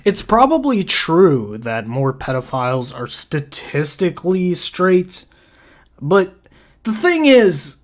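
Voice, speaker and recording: A woman hosting a reaction commentary channel delivers a profane reaction rant, crude and sarcastic with a stream of insults. Her voice sits low and is very animated, and she takes it slowly.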